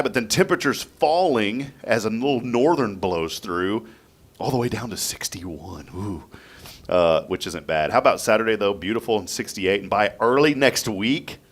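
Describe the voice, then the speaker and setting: A man hosting a morning radio show, chatting in an upbeat, rambling way. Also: mid-range voice. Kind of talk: casual radio chat.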